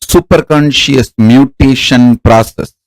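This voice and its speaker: A man as a spiritual teacher giving a guided meditation in slow, measured commands. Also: mid-range voice, low-quality recording.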